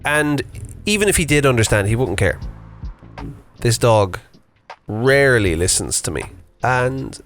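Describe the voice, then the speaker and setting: This is a vlogger, a man in his thirties, talking off the cuff as he walks his dog outside one morning, chatty, meandering and full of fillers. His mid-range voice is sing-song and fairly bright, his pace measured, with faint music behind him.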